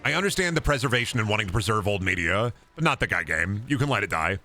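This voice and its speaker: Gravelly hoarse man rambling to chat. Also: on the low side, big pitch swings, fast talker, bright, forceful tone, soft background music. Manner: rambling, profane, self-interrupting. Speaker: streamer. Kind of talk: casual gameplay chat.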